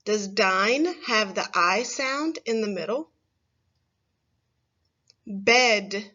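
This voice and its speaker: A woman teaching a phonics lesson to first graders, saying each word slowly and clearly for the children to repeat. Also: mid-range voice, lively intonation, sharp tone, dull audio. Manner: slow, clear, stressing single words for children to repeat.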